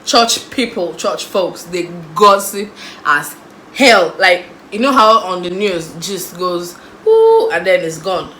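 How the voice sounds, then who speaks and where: A young Nigerian woman in a casual storytime vlog, lively and acting out the people in her story. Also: lowish voice, slow pace, roomy sound, slight background noise, poor audio. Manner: animated, acts out voices of the people in her story. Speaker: vlogger.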